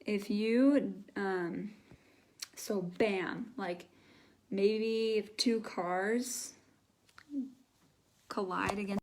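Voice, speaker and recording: A young woman leads an online English class at an unhurried pace. She explains each word patiently and acts out the sounds herself. Her voice sits in a middle register. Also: mid-range voice, steady tone, a little hiss or hum. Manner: slow, patient, demonstrates sounds aloud. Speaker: English teacher. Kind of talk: live online English lesson.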